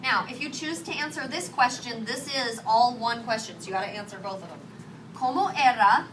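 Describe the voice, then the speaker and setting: A woman teaching a high school Spanish class, questioning her students and mixing English with Spanish. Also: fairly quick, fairly bright tone. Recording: distant mic, noisy classroom.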